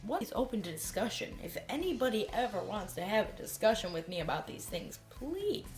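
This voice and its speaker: A young woman vlogging casually about herself, candid and self-deprecating, swearing freely and rambling with quick asides. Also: medium pitch, animated, soft background music. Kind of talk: casual talking-head vlog.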